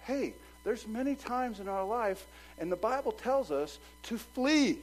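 A male pastor preaching a sermon, swinging from loud urging to low, quick asides. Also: expressive, poor audio.

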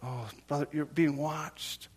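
A middle-aged man preaching a sermon as pastor, telling stories with restarts and repeated phrases, dropping to hushed near-whispers and then rising to loud, impassioned exhortation. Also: on the high side, fairly even intonation, slow, breathy edge. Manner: storytelling with repetitions and restarts.

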